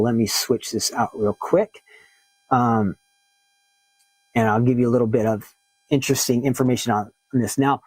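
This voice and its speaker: A man's voice: medium pitch, a little mellow, no echo, low-quality recording. A man leading a casual Bible lesson, reading verses aloud and explaining them plainly in everyday words. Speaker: Bible teacher.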